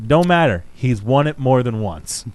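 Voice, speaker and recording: A man co-hosting a podcast, chatting casually and excitedly about wrestling, with plenty of swearing. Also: normal speed, no room sound, low-quality recording. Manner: animated, swearing, pitch jumping up when excited. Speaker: podcast co-host.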